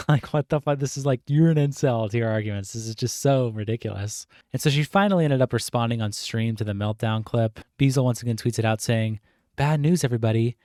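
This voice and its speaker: A man's voice: medium pitch, brisk, hardly any pauses, darkish tone, no echo, clean studio sound. A man giving casual, mocking commentary, sarcastic and swearing freely. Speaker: commentary YouTuber.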